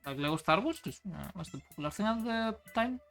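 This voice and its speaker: A man's voice: high-pitched, a little fast, vocal fry. Tired, swearing man streaming with music behind. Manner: flat, tired, often swearing. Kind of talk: casual live-stream chat while playing.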